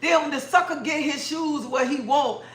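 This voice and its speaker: A woman hosting a livestream, telling a lively story to her viewers and acting out what people said, laughing as she goes. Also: sits high, moderate pace. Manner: animated, laughing, acts out quoted dialogue. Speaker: livestream host. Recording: roomy echo.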